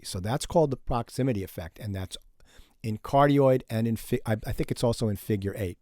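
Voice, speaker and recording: A man teaches an online music production class, casually explaining microphones while demonstrating the gear. His mid-range voice is warm and a little fast, picked up by a studio condenser mic that gets moved around.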